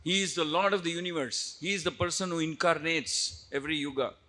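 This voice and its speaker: A man's voice: fairly high pitch, steady tone, a little fast, sharp tone. A man voicing an earnest young boy who insistently warns his mother. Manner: insistent, lecturing.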